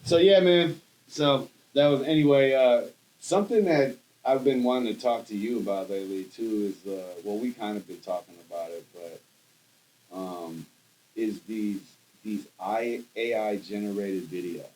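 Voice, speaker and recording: A man co-hosting a podcast, talking in an animated, rambling way with lots of restarts and casual slang. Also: fairly low pitch, unhurried, slight background noise, rough recording. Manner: animated, rambling with restarts, says bro and dude. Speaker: podcast co-host. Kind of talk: casual chat.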